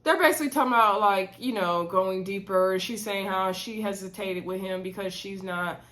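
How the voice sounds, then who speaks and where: A woman's voice: mid-range voice, normal speed, a bit bright. Female recap host, casual gossipy delivery, acts out quotes. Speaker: reality show recap host.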